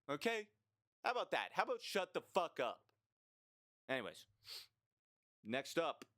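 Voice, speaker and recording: A young man rants his way through a list of gripes, blunt, sarcastic and quick to swear. His voice is smooth and resonant at a middle pitch. It is recorded close to the mic in a dry, dead room. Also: a bit bright, no echo. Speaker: vlogger. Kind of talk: casual ranting list commentary.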